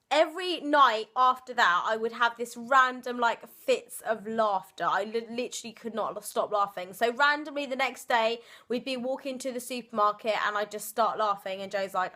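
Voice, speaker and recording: A woman's voice: on the high side, a little fast, bright, forceful tone. A young woman, chatting through a storytime vlog, giggly and full of fillers. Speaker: vlogger. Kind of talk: casual storytime chat.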